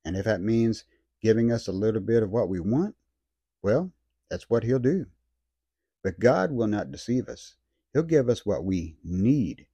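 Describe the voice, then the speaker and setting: Earnest male preacher, dark husky voice. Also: on the low side, lively intonation, no room sound. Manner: earnest, slows down to stress scripture words. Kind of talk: sermon.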